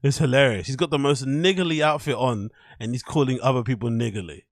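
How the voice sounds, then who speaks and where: A man's voice: mid-range voice, brisk, no room sound, clean studio sound. A man hosting a casual commentary show, swearing freely, laughing often and talking to his chat viewers. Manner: crude, swearing, laughs a lot; chats to live chat viewers. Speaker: show host. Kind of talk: casual commentary on online clips.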